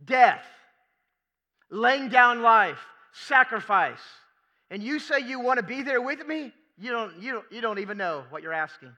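A man's voice: very high voice, animated, unhurried, pushed and bright, long reverb tail, full character voice. A man preaching, voicing an earnest male teacher who insistently corrects his followers, repeating himself.

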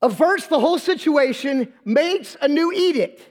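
High-voiced preacher retelling a story with humor. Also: male voice, normal speed. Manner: lively, humorous, slangy retelling. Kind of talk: storytelling sermon. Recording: long hall reverb.

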